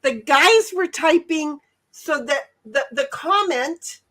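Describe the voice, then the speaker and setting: A woman's voice: high-pitched, expressive, takes it slowly, a bit bright. A woman co-hosting a casual livestream chat, rambling through stories with lots of restarts and giggles. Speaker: livestream co-host.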